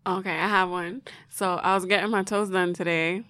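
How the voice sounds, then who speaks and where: A young woman from New York telling stories in casual chat, animated and profane. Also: lowish voice, normal speed.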